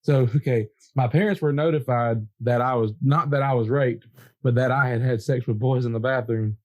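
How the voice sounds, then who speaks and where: Older guy on a podcast, animated storyteller, laughs a lot. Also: medium pitch, normal speed, muffled recording. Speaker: podcast co-host. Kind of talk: casual chat.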